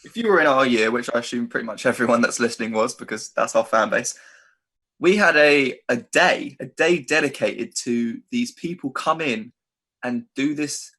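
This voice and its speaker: A man's voice: mid-range voice, normal speed, sharp tone, slightly rough. A young man, co-hosting a casual podcast, telling school stories with laughs and casual swearing. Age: young adult. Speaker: podcast co-host. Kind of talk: casual chat.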